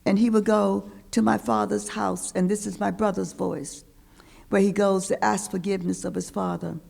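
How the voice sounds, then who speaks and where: An older woman gives a poetry reading in a lecture hall. Her voice is deeply gravelly and fry-laden. She reads slowly and deliberately, leaning on the rhythm of each line. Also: level tone, a little mellow. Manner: slow, deliberate, rhythmic delivery with pauses. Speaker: poet reading her work.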